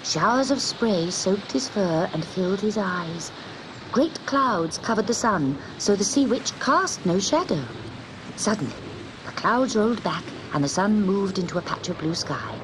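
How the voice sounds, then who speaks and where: A woman telling a children's story with great expression, her voice rising and falling widely at a middle pitch. A steady tape hiss is heard behind her. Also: normal speed.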